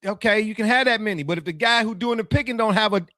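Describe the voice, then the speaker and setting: A man hosting a casual sports talk show, animated and teasing, laughing often. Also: high-pitched, quick pace, dry recording, studio quality.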